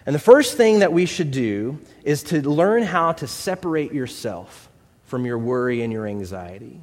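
Lively conversational preacher man. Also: a little high. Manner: conversational, storytelling, rhetorical questions. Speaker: pastor. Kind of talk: sermon. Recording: long hall reverb.

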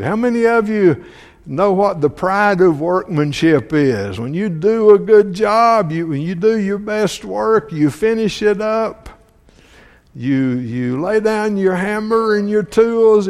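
A man's voice: on the high side, lively intonation, takes it slowly, gravelly, darkish tone. A man preaching a sermon, reading scripture and putting questions to the congregation, often repeating words as he restarts. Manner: asks the congregation many questions. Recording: long hall reverb.

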